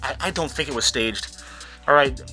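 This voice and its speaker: A man's voice: medium pitch, normal speed, pushed and bright, breathy edge, faint music behind. A man hosting a commentary channel, ranting in a rambling, profane way from behind a mask that muffles his voice, often tripping over his words. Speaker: YouTube commentary host.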